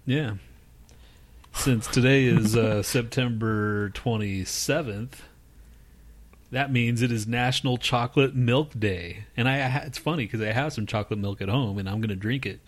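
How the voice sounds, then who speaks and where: A man's voice: mid-range voice, normal speed. A man co-hosting a podcast, rambling through crude casual banter, swearing freely and laughing often. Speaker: podcast co-host.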